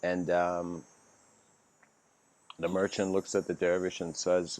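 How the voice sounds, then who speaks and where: A man's voice: sits low, little pitch movement, slow pace, a little mellow. A man giving a casual livestreamed spiritual lecture, telling a story in a rambling way with many fillers and restarts. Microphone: home livestream mic.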